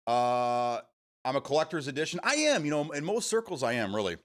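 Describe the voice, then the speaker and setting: Chatty man with a lively voice. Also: mid-range voice, brisk. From Michigan, USA. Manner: rambling, chatty, with self-amused laughs. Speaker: streamer host. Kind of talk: casual live-stream chat.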